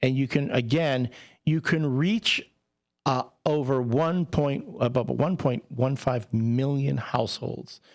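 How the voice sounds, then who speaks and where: A man's voice: mid-range voice, steady tone, takes it slowly, gravelly, darkish tone. A man co-hosting a local radio show in a studio, chatting and telling stories in a casual, self-deprecating way. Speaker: radio co-host.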